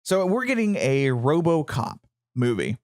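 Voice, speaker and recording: A man's voice: fairly high pitch, big pitch swings, a little slow, a little mellow. A man, co-hosting a casual pop-culture chat, rambling and stammering as he corrects himself. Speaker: podcast co-host.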